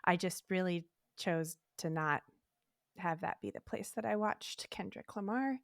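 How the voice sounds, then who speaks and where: A young adult woman co-hosting a podcast, telling a casual story with lively acted-out quotes and casual swearing. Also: on the low side, a little slow, creaky, dry recording, studio quality. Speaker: podcast co-host.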